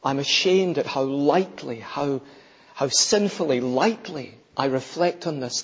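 A man preaching a sermon emphatically, building to fervent peaks and dropping low. The sound is dull and lo-fi in a large church with long reverb. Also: animated, a little slow, slightly rough.

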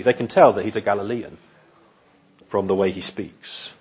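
A man preaching an expository sermon in an earnest, measured way, often repeating words as he thinks. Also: on the low side, steady tone, slightly rough, muffled recording.

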